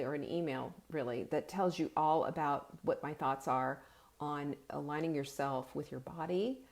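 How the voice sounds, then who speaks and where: Woman host, casual live-stream chat, lowish voice, animated, lots of restarts. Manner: chatty and animated, with frequent restarts and self-corrections; breaks into laughter. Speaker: host of a nutrition and cooking show.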